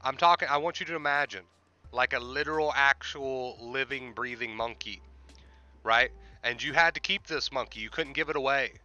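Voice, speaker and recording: A man's voice: medium pitch, moderate pace, pushed and bright, muffled recording. A man hosting a livestream, explaining with repetition and emphasis in casual talk. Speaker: livestream host and life coach.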